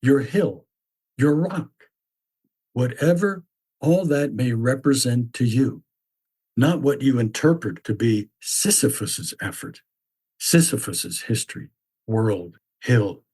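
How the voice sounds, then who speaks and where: A man voicing a stern mythic figure who lectures bluntly in a measured, repetitive way. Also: mid-range voice, expressive, darkish tone, breathy edge. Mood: lecturing. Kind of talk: reflective spoken essay.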